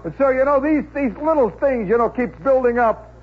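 Forties american guy, radio storyteller, wry and chatty, higher voice, faint hiss on an old tape. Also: animated, moderate pace, phone-quality sound. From United States. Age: 40s. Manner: wry, conversational, chuckling asides. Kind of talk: rambling comic storytelling monologue.

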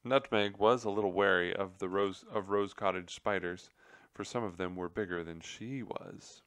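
A man reading a children's book aloud as narrator, telling the story gently. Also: sits low, normal speed, no echo, studio quality. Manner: gentle storytelling with character voices.

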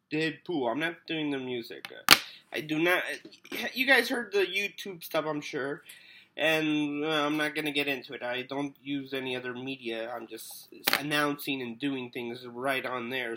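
A man's voice: on the high side, pushed and bright, a little hiss or hum. A man with a cold vlogging an unboxing in a loopy, rambling way. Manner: loopy and rambling, trails off, hums to himself. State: sick with a cold. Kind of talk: casual unboxing vlog.

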